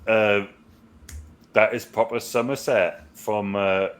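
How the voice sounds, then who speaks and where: Deep-voiced man rambling through a movie review. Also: fairly even intonation, slow pace, over a noisy crowd. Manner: rambling, swears, quotes film lines in put-on voices. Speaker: podcast co-host. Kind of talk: casual movie review chat.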